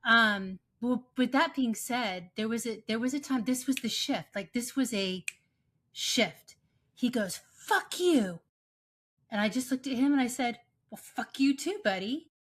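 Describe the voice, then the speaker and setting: A woman co-hosting a podcast who tells stories in an animated way and repeats phrases for emphasis. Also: fairly high pitch, moderate pace. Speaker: podcast co-host. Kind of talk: casual chat.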